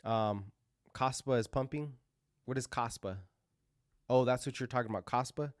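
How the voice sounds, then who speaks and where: Guy hosting a live crypto stream, rambly, lots of ums and restarts, dry close sound, mid pitch. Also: normal speed, dry recording. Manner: casual, rambling, many fillers and restarts. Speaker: crypto livestream host. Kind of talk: live chart commentary.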